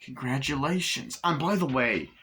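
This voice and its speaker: Bright-voiced man rambling through a film recap. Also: mid-range voice, normal speed. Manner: rambling, excited retelling with many fillers and swearing. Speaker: movie reviewer.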